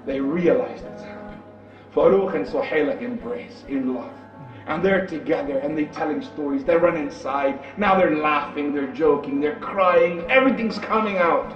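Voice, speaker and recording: A man's voice: fairly high pitch, normal speed. A male preacher telling a story in short, dramatic sentences. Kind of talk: storytelling sermon. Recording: distant roomy dull sound with music.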